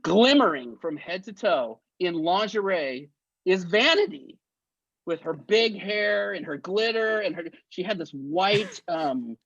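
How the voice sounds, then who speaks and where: Guy in his 50s spinning a wild story, slightly high voice, dry muffled audio. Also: a little slow, gravelly, no echo. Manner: animated, acts out the people in his stories. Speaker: interview guest. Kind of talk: anecdotal storytelling.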